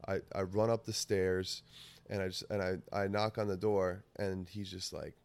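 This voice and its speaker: A man with a low, gravelly voice tells a story in loose, casual talk. He rambles, swears freely and breaks into laughs as he goes. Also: flat delivery, moderate pace, darkish tone. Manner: rambling, profane, laughs often. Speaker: podcast host.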